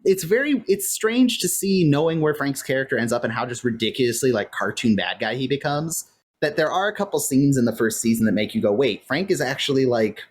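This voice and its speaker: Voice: medium pitch, animated, brisk, slightly rough. A podcast co-host casually recapping a TV episode, talking in a loose, rambling way full of filler words. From California. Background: faint fan or air-conditioner hum.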